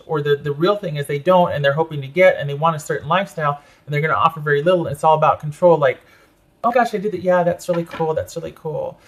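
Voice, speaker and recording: A man's voice: a little high, fairly bright tone. A man giving a tarot reading to his viewers, talking emphatically and repeating phrases in an indignant, protective tone. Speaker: tarot reader.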